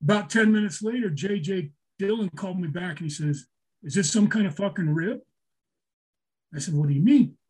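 Older guy telling stories, husky voice, swears a ton, kinda high for a guy. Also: moderate pace, darkish tone. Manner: emotional, swears often, repeats himself. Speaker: storyteller guest. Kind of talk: casual profane storytelling.

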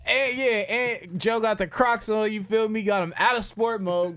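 A young man co-hosting a casual football podcast, teasing his friends and jumping into high mocking tones. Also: normal speed, fairly bright tone. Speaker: podcast co-host. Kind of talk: casual sports chat.

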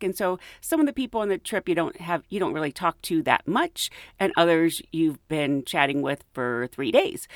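Giggly, animated woman podcast host. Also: fairly low pitch, no room sound, studio quality. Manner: animated, giggly, acts out quoted voices. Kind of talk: casual storytelling.

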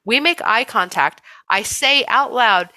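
A young woman with a bright, forceful voice, swearing freely as she acts out a story. She co-hosts a casual chat podcast, and her voice sits a little high for a woman. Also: unhurried. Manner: animated storytelling, heavy swearing. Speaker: podcast co-host.

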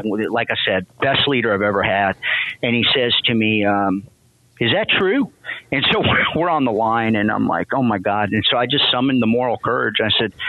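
A man guest tells an emotional story in an interview, stumbling and restarting as he goes. He speaks at an average pitch. The sound is tinny, like a phone line, and dry with no room. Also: no echo. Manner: emotional, halting, many restarts. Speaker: guest, veteran and company president.

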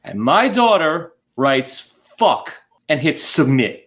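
A man's voice: mid-range voice, sing-song, measured pace, hardly any pauses, fairly bright tone. A man co-hosting a casual podcast, telling a story about his daughter with wry, dry humor and some laughter. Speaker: podcast co-host. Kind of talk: casual chat.

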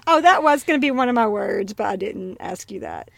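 A woman's voice: medium pitch, animated, brisk, creaky, dry recording. A woman with a Southern US accent co-hosting a podcast, laughing and playfully quizzing her co-host. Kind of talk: casual chat.

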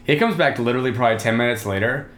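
A man's voice: medium pitch, racing, fairly bright tone, reverberant. A young man telling a long story in casual chat, rambling with lots of filler and laughing often. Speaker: podcast host telling a story.

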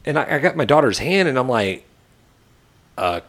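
With a mid-range voice and quick delivery, a thirtysomething male podcast co-host spins a story in casual talk. He plays out each person's quoted words with lively, acted voices.

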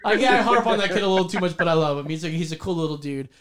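High-voiced joking male podcast host. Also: racing, over a noisy crowd. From Filipino heritage. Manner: profane, joking storyteller. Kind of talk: casual podcast chat.

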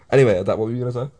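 A man's voice: mid-range voice, warm tone. A young English man co-hosting a podcast, chatty and swearing freely as he tells stories with frequent laughs. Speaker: podcast co-host. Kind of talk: casual podcast chat.

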